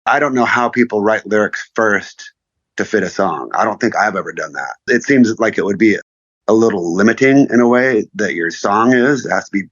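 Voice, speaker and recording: A man's voice: on the low side, normal speed, a bit bright, husky, no echo, highs cut off. A man being interviewed as a musician, answering in short, offhand, laid-back remarks. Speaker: musician guest. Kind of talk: casual interview chat.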